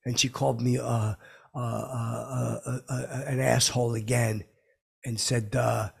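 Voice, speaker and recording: A man's voice: mid-range voice, little pitch movement, unhurried, gravelly, breathy edge. A man rambling through a comic story, stammering and repeating himself in a brash way. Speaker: comedy podcast host telling a story.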